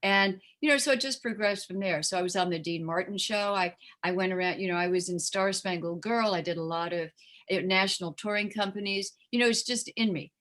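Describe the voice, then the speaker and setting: A woman's voice: medium pitch, brisk, fairly bright tone. An older woman chatting as an interview guest, rambling with many fillers and slipping into voices when she quotes people. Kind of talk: casual chat.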